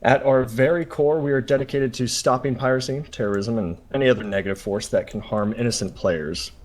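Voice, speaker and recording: A man with a mid-range voice delivering a prepared pitch for his group. He speaks in a formal, speech-like way, pausing with brief fillers. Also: steady tone. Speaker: player group representative.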